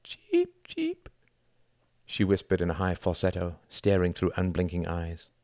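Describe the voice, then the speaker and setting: Man narrating an audiobook, very low voice, bone-dry close recording, measured. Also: level tone, darkish tone, no room sound. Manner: measured and deliberate. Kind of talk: scripted narration.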